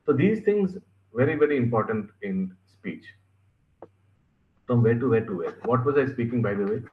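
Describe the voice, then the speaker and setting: A man with an Indian English accent teaching a scripture class, animated and stressing words as he gives examples. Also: medium pitch, normal speed, echoey room, narrow, tinny audio, a little hiss or hum.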